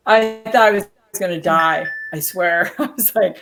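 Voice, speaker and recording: A chatty woman telling long stories on a video call. She is a lively storyteller who laughs easily between anecdotes. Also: on the low side, slow pace. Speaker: guest, former wrestler. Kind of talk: casual interview chat.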